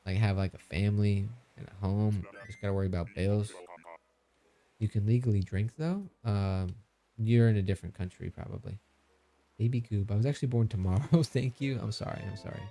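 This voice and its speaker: A man's voice: fairly low pitch, brisk, dark tone. A man in his thirties chatting casually on a live stream, joking, laughing and reading out chat messages. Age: 30s. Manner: joking, reads chat aloud, laughs often.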